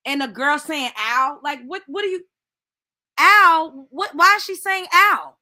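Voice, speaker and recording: A woman's voice: high-pitched, lively intonation, a little fast, pushed and bright. A woman hosting a commentary show, reacting bluntly and incredulously with lots of cursing. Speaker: host.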